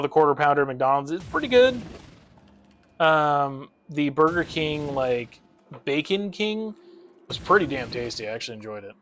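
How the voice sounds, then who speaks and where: A man's voice: mid-range voice, fairly bright tone. A young man rambling and ranting with frequent swearing while chatting on a casual gaming stream, with game music behind him.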